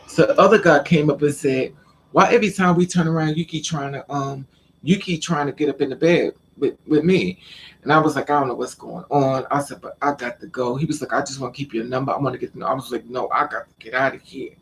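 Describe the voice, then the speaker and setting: A man tells a personal story straight to the camera, blunt and full of swearing, quoting what everyone said. His voice is gravelly at a middle pitch. There is faint noise behind him. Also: steady tone, fast. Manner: blunt, profane, quotes people in conversation. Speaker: vlogger. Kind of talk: casual storytelling monologue.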